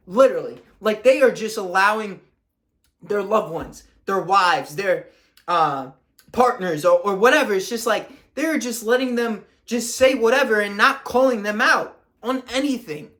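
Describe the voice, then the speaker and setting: A man's voice: sits high, lively intonation, a little slow, a bit bright. A young man, a fitness coach, ranting to camera in a blunt, profane, confrontational way.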